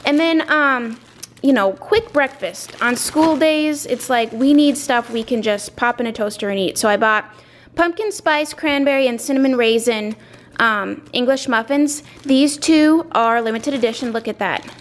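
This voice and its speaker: A woman's voice: on the high side, normal speed. A woman, chatting casually and rambling through a grocery haul at home, a little out of breath, with many fillers and asides. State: slightly out of breath. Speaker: vlogger showing a grocery haul.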